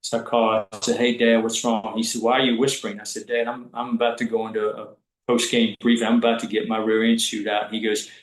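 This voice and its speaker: A man's voice: on the low side, fast, echoey room, rough recording. A man, a college basketball referee telling stories in a casual podcast chat, acting out the voices of the people he quotes. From Southwest Virginia. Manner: animated, acts out quoted voices. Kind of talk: casual storytelling.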